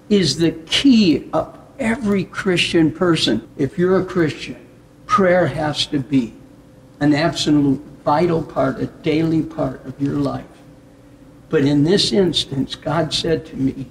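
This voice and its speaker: Male pastor from the US Upper Midwest; reflective, unhurried testimony with soft chuckles. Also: on the high side, a little hiss or hum. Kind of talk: personal testimony in conversation.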